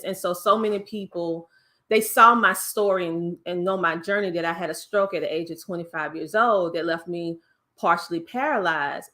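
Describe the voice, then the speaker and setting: A woman guest speaks with a Southern US accent and a country twang. She tells her story in lively casual talk, slipping into other voices. Her tone is bright and forward. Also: fairly low pitch. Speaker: podcast guest.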